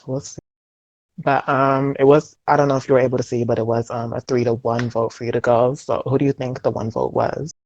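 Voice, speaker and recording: A woman's voice: rumbling low, flat delivery, a little fast, a little mellow, dull audio, slight background noise. A woman hosting an exit interview over an online voice call, easygoing and laughing along with her guest. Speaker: host. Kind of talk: interviewer on a voice chat.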